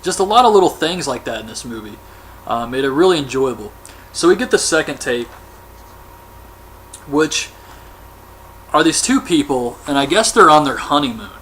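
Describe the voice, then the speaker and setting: A man's voice: medium pitch, fairly bright tone, a little hiss or hum. A man recapping a horror film in a casual, offhand way, as a movie reviewer. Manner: chatty, offhand, colloquial.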